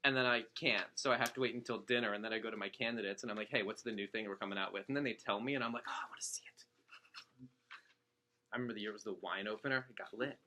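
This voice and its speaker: A man speaking as a district manager to his sales team, an animated storyteller who acts out quotes and jokes, in a meeting room with an audience. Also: fairly low pitch, rapid-fire, few pauses, slight background noise. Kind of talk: motivational talk to a room.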